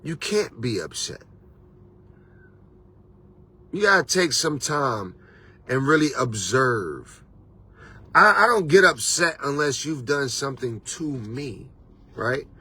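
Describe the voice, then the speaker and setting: Husky, bright-voiced male life coach. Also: medium pitch, sing-song, unhurried. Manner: preachy, repeats "you understand"; casual street slang. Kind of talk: motivational talk to camera.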